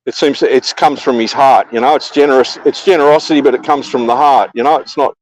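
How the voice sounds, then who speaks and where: A rambling Australian man chats casually on a livestream and swears freely. His voice is pitched in the middle range and sounds dry and close, with little room around it. He circles back over the same points again and again. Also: steady tone, fast, no echo, low-quality recording. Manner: rambling, profane, repeats himself. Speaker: livestream guest. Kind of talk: casual chat.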